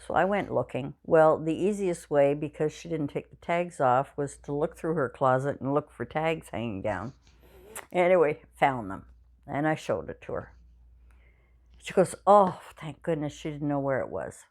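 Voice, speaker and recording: A woman's voice: low-pitched, animated, moderate pace, darkish tone. A woman in her sixties vlogging from her home craft room, rambling and chatty with lots of fillers, tired and yawning as she talks. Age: 60s. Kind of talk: casual chat to viewers.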